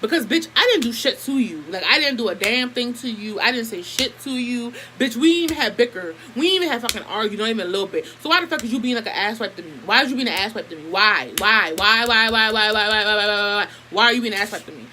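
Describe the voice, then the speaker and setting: A young woman vlogger telling a story in a casual, animated and heavily profane way. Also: a little high, very fast, hardly any pauses, slight background noise, low-quality recording. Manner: profane, animated, emphatic retelling.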